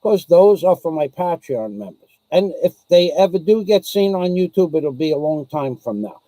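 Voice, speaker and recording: A man's voice: a little high, lively intonation, normal speed, warm tone, dry recording, rough recording. A man vlogging to camera, ranting with sarcasm in a casual way.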